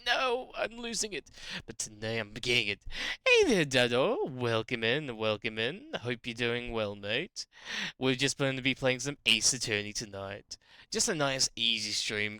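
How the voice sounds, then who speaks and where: A man in his twenties with a New Zealand accent, chatting casually to his stream viewers, animated storytelling and laughing often. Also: mid-range voice, clear, resonant tone, no echo, clean studio sound. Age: 20s. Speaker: game streamer. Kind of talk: casual chat with live chat.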